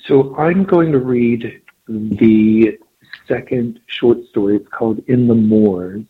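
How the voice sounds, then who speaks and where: A man, an author and guest, explaining and then reading his own story aloud in a measured way. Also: medium pitch, slightly rough. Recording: tinny phone line.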